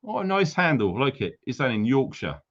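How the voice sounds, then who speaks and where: A man's voice: mid-range voice, sing-song, a little fast, fairly bright tone, dull audio. Jokey man hosting a livestream. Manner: jokey, teasing banter with viewers. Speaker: livestream host. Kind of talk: casual livestream chat.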